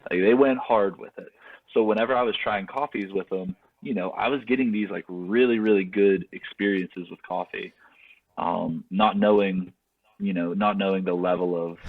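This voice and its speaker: A young man from West Virginia, a guest and athlete, chatting casually in an easygoing, unhurried way with plenty of likes. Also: sits low. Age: young adult. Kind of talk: casual chat. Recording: phone-like remote call audio.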